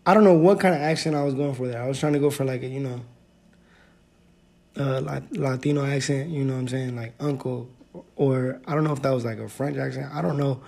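A man's voice: fairly high pitch, moderate pace, vocal fry, pauses often, dark tone. A man hosting his own podcast, chatting casually and rambling with lots of fillers and self-corrections. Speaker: podcast host. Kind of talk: casual solo podcast chat.

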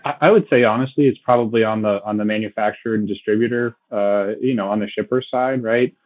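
Low-voiced guy rambling about work, lots of restarts, sounds like over a phone. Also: steady tone, fast. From Boston area. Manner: many restarts and "right?" tags, laughs often. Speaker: logistics company guest. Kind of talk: casual interview talk. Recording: tinny phone-like line.

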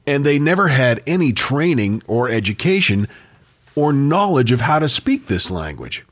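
A man's voice: mid-range voice, very animated, moderate pace, fairly bright tone. A man co-hosting a podcast, telling odd facts in a casual, storytelling way. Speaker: podcast co-host. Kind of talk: casual chat.

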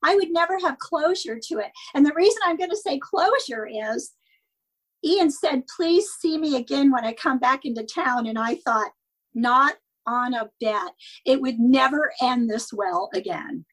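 A woman's voice: high-pitched, lively intonation, unhurried, a bit bright, rough recording. An older woman telling personal stories in a wistful way, laughing now and then as a podcast guest. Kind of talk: storytelling in casual chat.

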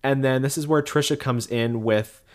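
Speaking at a moderate pace in a mid-range voice, this podcast co-host chats casually about online drama, filling his sentences with "like."

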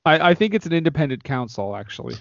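A playful, jokey man co-hosting a comedy podcast, his voice sitting a bit high. The sound is dry and close, with no room around it. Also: sing-song, quick pace, creaky, no room sound, dull audio. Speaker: podcast co-host. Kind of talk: casual comedic chat.

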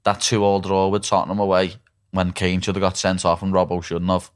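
A man's voice: low voice, level tone, brisk, smooth. A young man with a Scouse accent hosting a casual chat, slangy and saying "lad" constantly. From Liverpool, England. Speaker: podcast host.

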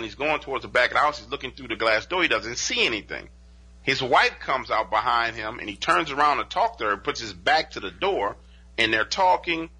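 A man telling a paranormal encounter story as a podcast guest, in an animated, conversational way that acts out what witnesses said. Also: mid-range voice, husky. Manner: conversational, peppered with "you know" and "like". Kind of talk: casual spoken storytelling.

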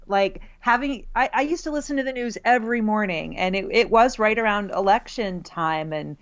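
A woman's voice: mid-range voice, normal speed, hardly any pauses, muffled recording. A woman who teaches college writing, co-hosting a casual talk and laughing often between fillers. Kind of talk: casual conversation.

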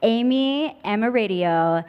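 A woman's voice: a little high, lively intonation, slow pace. Upbeat woman host on a conference stage. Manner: upbeat, playful, chatty. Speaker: podcast host. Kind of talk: live podcast on stage. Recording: hall reverb, dull lo-fi sound.

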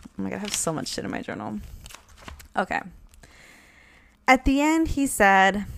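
A woman's voice: medium pitch, expressive, normal speed, creaky, pauses often, fairly bright tone. A young woman hosting a casual podcast alone, talking candidly with many fillers and frequent laughter. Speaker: podcast host. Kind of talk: casual solo podcast chat.

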